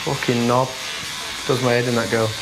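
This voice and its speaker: A man's voice: mid-range voice, little pitch movement, normal speed, music in the background. A British man on a reality show chatting in a laid-back way, with a lot of swearing. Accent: British English. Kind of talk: casual chat with swearing.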